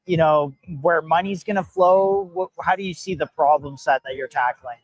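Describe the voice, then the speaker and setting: A man hosting a casual live-stream interview at a hackathon event, upbeat and chatty with quick reactions. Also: a little high, huge pitch swings, gravelly, no room sound. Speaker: host.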